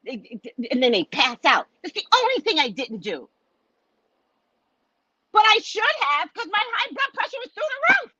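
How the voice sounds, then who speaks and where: A woman's voice: extremely high pitch, big pitch swings, moderate pace, sharp tone, no echo. A woman host and psychic reader telling a story in a casual, indignant, profane rant. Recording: dull lo-fi dry sound.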